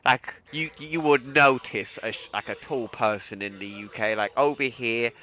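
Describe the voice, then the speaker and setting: Rambling young British man, bright voice. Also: medium pitch, moderate pace, a little hiss or hum, rough recording. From United Kingdom. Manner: rambling, full of "like" and restarts. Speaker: streamer. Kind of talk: casual chat on a gaming stream.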